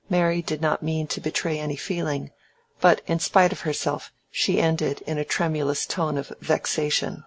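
An audiobook narrator reading a classic novel in a measured, even way. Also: medium pitch, gravelly.

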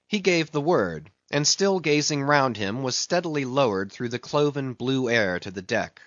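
A man reading a classic novel aloud in a measured, deliberate narration. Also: medium pitch, expressive, a bit bright, no echo, lo-fi sound. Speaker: audiobook reader.

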